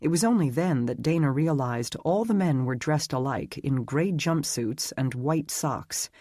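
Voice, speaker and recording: A man narrating a dark fantasy audiobook in a measured, slow dramatic reading. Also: on the high side, lively intonation, no echo, studio quality. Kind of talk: scripted narration.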